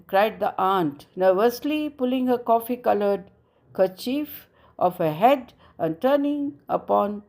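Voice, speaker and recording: Female audiobook narrator, measured storytelling, unhurried pace. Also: mid-range voice, expressive, darkish tone.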